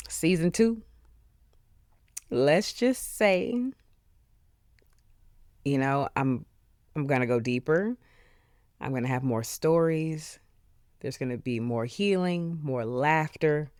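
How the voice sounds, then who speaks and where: A podcast host speaking alone in an earnest, heartfelt way, with many pauses and fillers, openly emotional. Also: mid-range voice, clear, resonant tone, no echo, studio quality. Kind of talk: solo reflective podcast monologue.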